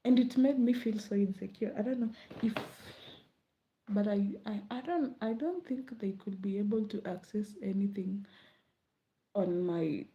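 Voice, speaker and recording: This chatty Kenyan vlogger talks a little slowly in a mid-range voice, with the highs cut off in the recording. It's a casual late-night chat where she rambles, laughs a lot, and slips into soft murmurs.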